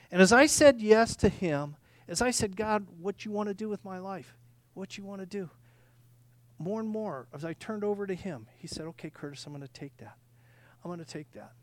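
A male pastor preaching a sermon, earnest, swinging from loud emphatic lines to quiet confiding ones, often repeating words and restarting sentences. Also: sits high, no room sound.

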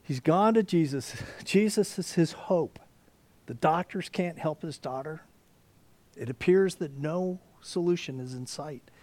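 A man preaching a sermon, dropping to whispers and rising to near shouts as he acts out the story. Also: fairly high pitch, unhurried, dry recording. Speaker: pastor.

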